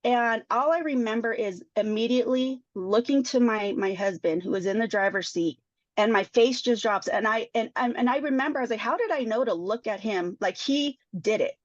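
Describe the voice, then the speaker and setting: A woman's voice sits a bit higher than most, pouring out a personal story with stops, restarts and repeated words. She sounds like a podcast panel guest on a video call. The sound is dull and lo-fi, with a dry, close feel. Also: moderate pace, no echo.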